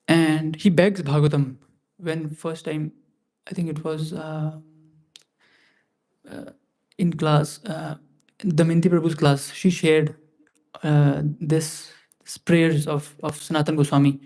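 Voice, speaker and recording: A man's voice: a little high, little pitch movement, takes it slowly, long pauses, a little mellow. A man giving a scripture class in a temple, talking conversationally and often restarting and repeating phrases. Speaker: class speaker.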